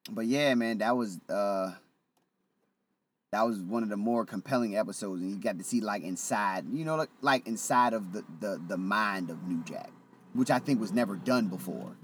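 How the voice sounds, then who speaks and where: A man in casual podcast chat, relaxed and slangy, with many fillers. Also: fairly low pitch, husky. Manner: laid-back, slangy, drawn-out fillers.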